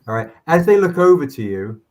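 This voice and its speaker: A man's voice: a little high, very animated. A man narrating as game master in a tabletop game, rambling with frequent restarts. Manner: rambling, halting, many restarts.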